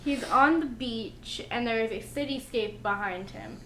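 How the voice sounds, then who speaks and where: A woman's voice: a little high, unhurried, pushed and bright. A young woman hosting a casual book chat with her mother, talking chattily with hesitant restarts. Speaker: host. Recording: echoey room with faint hiss.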